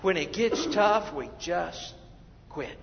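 A high-voiced man with a gravelly edge preaches slowly and fervently, building to shouts and then dropping to hushed asides. His sermon rings through a church sanctuary with a long hall echo, on a dull, lo-fi recording. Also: animated. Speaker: pastor.

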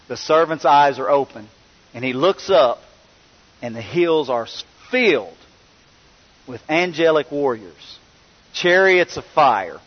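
A man delivers a sermon in a storytelling style, acting out the people in the story as he goes. His voice sits a little high for a man. The recording is muffled and lo-fi, with a long reverb trailing through a hall. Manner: storytelling, voicing characters with rising pitch. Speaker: preacher. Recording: long reverb, dull lo-fi sound.

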